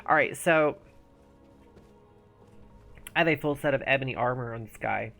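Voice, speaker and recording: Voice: medium pitch, normal speed, creaky, long pauses, fairly bright tone, faint music behind. A gaming streamer chatting casually while playing, thinking aloud and sometimes mumbling. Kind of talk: casual live-stream commentary.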